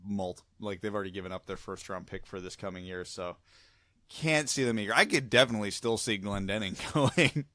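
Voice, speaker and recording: A man's voice: lowish voice, steady tone, fairly quick, a bit bright, no echo. Laid-back male podcast co-host. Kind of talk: casual podcast chat.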